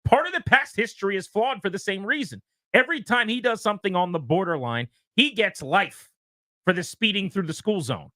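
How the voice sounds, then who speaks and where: A man's voice: high voice, animated, brisk, pushed and bright, dry recording, clean studio sound. A man co-hosting sports talk radio, talking in an exasperated, sarcastic way.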